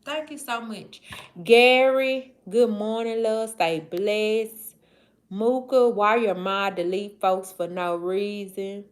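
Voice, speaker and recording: This Southern livestream host, a woman in her forties with a Mississippi accent, drawls slowly and warmly as she reads comments and gives shout-outs to viewers. She has a mid-range voice and fairly even intonation.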